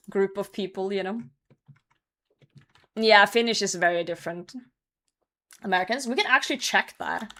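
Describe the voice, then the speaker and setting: A woman's voice: mid-range voice, normal speed, fairly bright tone. Chatty young woman streaming a game. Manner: chatty, answers chat, laughs often, swears casually. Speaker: live streamer. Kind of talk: casual live-stream chat while gaming.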